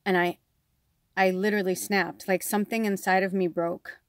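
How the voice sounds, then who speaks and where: A woman's voice: mid-range voice, level tone, moderate pace, no room sound, clean studio sound. A woman speaking as a psychic medium in an emotional personal vlog, sounding worn out and distraught, swearing often and filling her talk with "like". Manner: frequent swearing and filler 'like'. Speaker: psychic medium and card reader.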